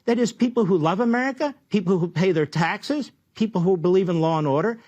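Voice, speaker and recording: A man's voice: high voice, fairly quick, a little mellow, muffled recording. A man speaking as a political commentator in a played clip, indignant and combative.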